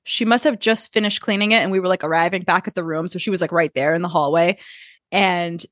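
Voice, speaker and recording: A woman's voice: on the low side, fairly even intonation, fast talker, a bit bright, dry recording. Chatty woman, close dry sound. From Portuguese family heritage. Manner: chatty storyteller, heavy use of "like". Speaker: podcast co-host. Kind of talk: casual chat.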